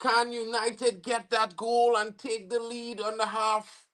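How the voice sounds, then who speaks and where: A young Trinidadian man hosting a football watch-along livestream, slangy and excitable, bursting into shouts when his team scores. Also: very high-pitched, slow pace. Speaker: football fan livestream host. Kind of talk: live match watch-along commentary.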